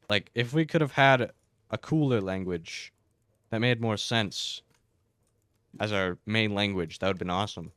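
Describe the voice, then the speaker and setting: A man's voice: mid-range voice, fairly bright tone, no echo. Young man ranting sarcastically, dry sound. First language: English. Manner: exaggerated, sarcastic, filler-heavy with frequent "like". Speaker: YouTuber. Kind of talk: casual comedic rant.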